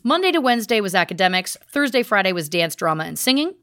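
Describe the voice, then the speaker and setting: Speaking fast with big pitch swings, a woman with a medium-pitched, fairly bright, clean-toned voice hosts a podcast, recounting research in casual storytelling chat. She's chatty and keeps slipping into asides and restarts. The clean studio sound has no room sound.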